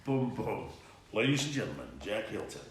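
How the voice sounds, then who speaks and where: A man's voice: on the low side, very animated, moderate pace. A middle-aged man, hosting a casual live stream and greeting viewers by name with jokes. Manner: chatty, reads out viewer names and greetings, jokey. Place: room at home. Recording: roomy echo with faint noise.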